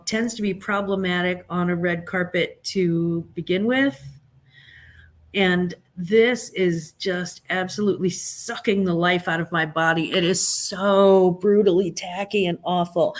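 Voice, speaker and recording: Hosting a live stream, a woman with a voice on the low side chats casually and gives blunt, sarcastic opinions, full of fillers and restarts.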